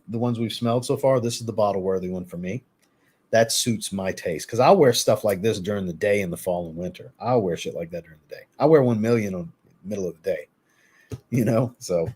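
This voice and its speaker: Casual male live-streamer, low-ish voice, easygoing and chatty, reacts to chat. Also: mellow, husky. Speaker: fragrance reviewer hosting a live stream.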